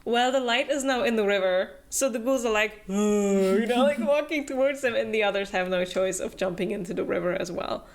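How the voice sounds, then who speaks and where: A woman's voice: medium pitch, a little fast, hardly any pauses. A young woman hosting a book club, recapping a novel in casual chat, full of fillers and acted-out quotes. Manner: chatty, filler-heavy, acts out character quotes with laughs.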